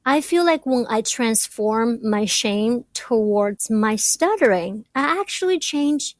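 A woman doctoral student who stutters, giving slow, reflective answers in an interview. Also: fairly high pitch, lively intonation, no room sound. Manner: stutters, with repeated words.

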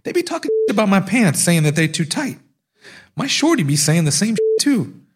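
A man's voice: high-pitched, big pitch swings, normal speed, slightly rough, voice pushed up, heavily acted. A man voicing a brash, tough street smuggler. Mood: swaggering. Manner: streetwise slang, boastful. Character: huge tough male gang smuggler, brash and swaggering.

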